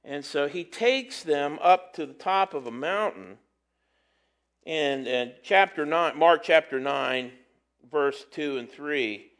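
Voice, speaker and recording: Casting: high-pitched male preacher, easygoing and folksy, teaching with chuckles. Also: slow pace, a bit bright. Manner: folksy and conversational, with chuckles and playful asides. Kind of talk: casual sermon.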